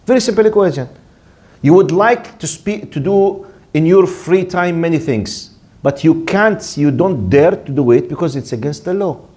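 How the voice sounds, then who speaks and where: Emphatic, high-voiced male religious teacher. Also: animated, moderate pace, a little mellow. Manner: emphatic, rhetorical questions, repeats words. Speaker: Islamic teacher. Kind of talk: religious lesson. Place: lecture in Canada.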